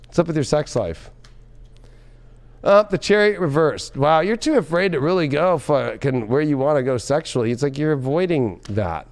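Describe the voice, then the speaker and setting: Excitable, swearing male tarot reader. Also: on the high side, normal speed. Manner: loud, profane, laughing often.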